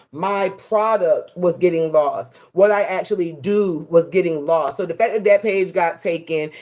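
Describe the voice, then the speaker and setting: A woman's voice: mid-range voice, a little mellow. A woman hosting a casual commentary vlog, sassy and dramatic, full of slang. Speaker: host.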